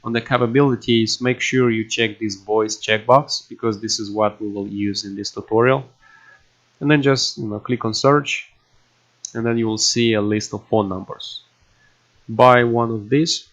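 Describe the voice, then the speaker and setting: A man at his computer walking through a coding tutorial, halting and filling pauses with "you know" and "um". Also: on the low side, fairly even intonation, a bit bright. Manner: halting, with many fillers and restarts. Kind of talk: casual screen-recorded coding tutorial. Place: at a computer indoors. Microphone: desktop microphone. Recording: dull lo-fi desk mic.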